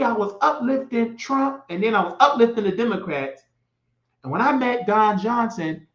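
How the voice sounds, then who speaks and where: A man rants heatedly as host, his voice swinging between outbursts and muttered asides, stumbling over restarts. The sound carries a roomy echo and a dull, lo-fi edge. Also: sits high. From United States. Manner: heated, shouting at times, rambling with restarts. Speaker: show host. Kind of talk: impassioned political monologue. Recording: echoey room, dull lo-fi sound.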